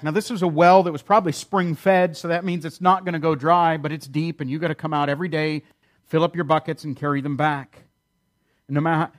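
A man delivering a sermon. His voice sits on the higher side, and he swings lively into mocking voices when he paraphrases the people in the story. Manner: animated, acts out quoted voices with sarcasm. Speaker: pastor.

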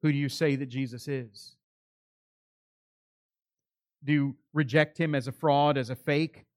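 A man's voice: mid-range voice, steady tone, measured pace, a little mellow, dry recording, clean studio sound. A male pastor preaching a sermon, earnest and pleading, building to emphatic calls.

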